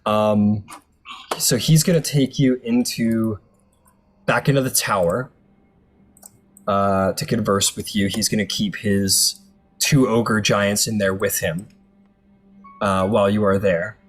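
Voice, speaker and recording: Slow, rambling male game master. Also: on the low side, fairly even intonation, faint music behind. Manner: loose and rambling, full of fillers. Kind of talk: narrating a tabletop game.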